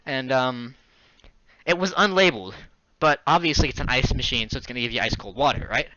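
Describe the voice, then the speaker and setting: A young man hosting a podcast, telling a story in casual chat, animated and laughing often. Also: medium pitch, brisk, no room sound, muffled recording. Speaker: podcast host.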